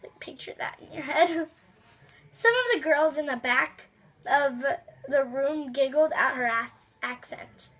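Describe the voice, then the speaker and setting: A woman's voice: high voice, fairly bright tone. A young woman reading a children's chapter book aloud, with chatty asides to her listeners. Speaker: storybook reader.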